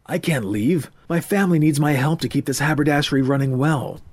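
A man's voice: on the high side, brisk, darkish tone, no echo, pitched above the performer's own voice, lightly acted. A man voicing an earnest young shopkeeper who speaks plainly, in an audiobook.

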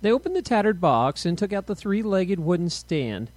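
Male audiobook narrator, expressive and animated, dry close mic. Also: high voice, moderate pace, no room sound. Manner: expressive storytelling reading.

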